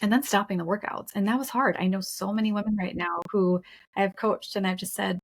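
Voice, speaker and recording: A woman's voice: medium pitch, steady tone, fairly quick. A woman co-hosting a podcast, telling her own story in a frank, emphatic, casual way, swearing now and then. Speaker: podcast co-host. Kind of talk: candid conversational storytelling.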